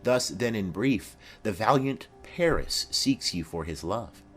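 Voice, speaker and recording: A man's voice: lowish voice, expressive, measured pace, a bit bright, faint music behind. A man voicing a formal, commanding noblewoman mother in a dramatic reading of a play.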